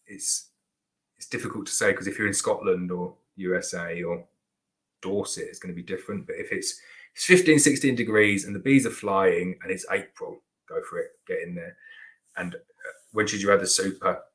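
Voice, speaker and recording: A man with a notably low voice talks loosely and conversationally as host of a live viewer Q&A. He rambles, restarts sentences and leans on "like" as a filler. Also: normal speed, a bit bright, rough recording. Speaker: beekeeper host answering viewer questions. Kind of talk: casual live Q&A chat.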